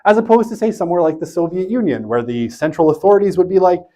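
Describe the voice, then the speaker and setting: A man's voice: high voice, fast, warm tone. A man giving a university lecture in a loose, conversational way, often checking in with his listeners. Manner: conversational, tags points with "right?".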